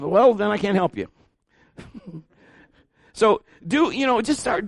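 A pastor delivers a sermon in a fairly high male voice, talking informally with asides and restarts. He often climbs in pitch and volume as he gets animated. The recording is dry, with no room echo. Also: a little slow, gravelly, long pauses.

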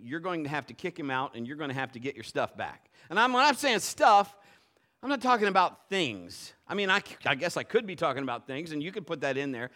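A middle-aged male pastor preaching a sermon in a lively, conversational way, acting out little quotes. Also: on the high side.

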